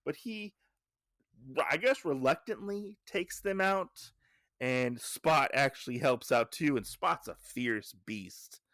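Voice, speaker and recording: A man's voice: mid-range voice, lively intonation, slow pace, fairly bright tone, no room sound, clean studio sound. A man hosting a podcast who recaps a comic in a casual, rambling way, with lots of restarts and "you know", lifting his voice when he paraphrases characters. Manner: paraphrases characters' lines in a lifted voice. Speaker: podcast host.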